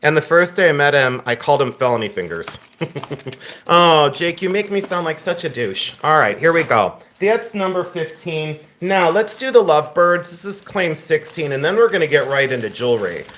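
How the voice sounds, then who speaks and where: A man's voice: fairly high pitch, animated, moderate pace, fairly bright tone. A man from Ohio hosting a live-stream auction sale, calling prices and bantering and teasing viewers.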